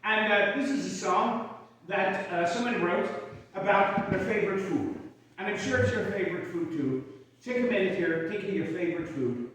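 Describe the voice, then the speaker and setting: A man's voice: high-pitched, moderate pace, fairly bright tone, slight background noise. A man performing Civil War stories for a live audience, folksy and joking as he chats between songs. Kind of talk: storytelling with sung songs. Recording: echoey hall from far off, with guitar.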